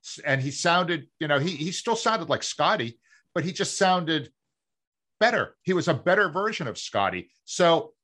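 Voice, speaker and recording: Massachusetts guy on a sports pod, bright voice, lots of "you know". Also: a little high, sing-song, normal speed. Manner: chatty, with frequent "you know" fillers. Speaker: podcast co-host. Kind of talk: casual sports talk.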